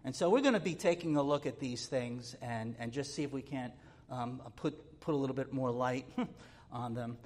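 A man preaching a sermon in a halting, thinking-aloud way, often repeating words as he goes. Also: mid-range voice, a little mellow.

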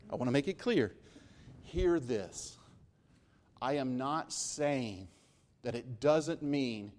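A man preaching a sermon, emphatic, rising to loud peaks and dropping to slow, quiet stresses. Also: mid-range voice. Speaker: pastor.

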